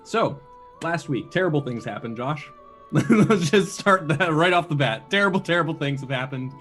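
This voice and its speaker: A man's voice: a little high, expressive, moderate pace, fairly bright tone, faint music behind. Dry, sarcastic man recapping a game. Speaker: player. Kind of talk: casual chat and game recap.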